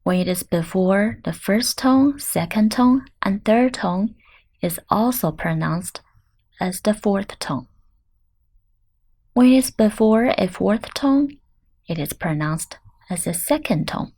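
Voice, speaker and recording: Slow, deliberate woman teaching Chinese. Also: medium pitch, a little mellow. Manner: clear, deliberate pronunciation drills. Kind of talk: slow language lesson.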